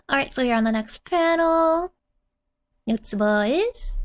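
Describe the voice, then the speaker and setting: A woman's voice: fairly high pitch, lively intonation, measured pace. Chatty woman teaching a language lesson. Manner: chatty and giggly, with filler "like". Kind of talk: casual lesson explaining manga dialogue.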